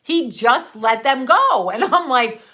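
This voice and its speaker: Middle-aged woman telling stories, swears a lot, laughs between words, kinda high, sharp bright tone. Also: slow. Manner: swears freely, laughs often mid-sentence; brash and animated. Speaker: mother and channel host. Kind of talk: casual storytelling.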